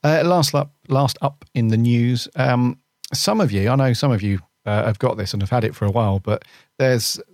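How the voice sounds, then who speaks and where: A man's voice: medium pitch, moderate pace, a little mellow, no echo, clean studio sound. A man co-hosting a podcast, talking casually and hesitantly, correcting himself as he goes. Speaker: podcast co-host. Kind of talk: casual chat.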